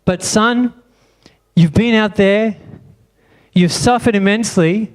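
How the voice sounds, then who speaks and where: A man's voice: sits high, measured pace, clean tone. A man preaching a sermon in church, asking the congregation question after question. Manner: asks the congregation many rhetorical questions. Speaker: pastor.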